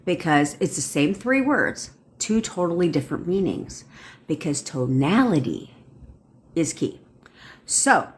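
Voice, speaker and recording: A woman manifestation coach on a live stream, ranting bluntly and swearing casually while answering viewers' comments. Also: low voice.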